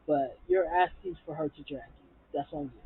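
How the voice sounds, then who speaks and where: Profane, high-pitched reviewer on tinny audio. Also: male voice, moderate pace, husky, no echo. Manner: blunt, profane, heated ranting. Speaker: reality TV reviewer. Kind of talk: TV episode recap and review.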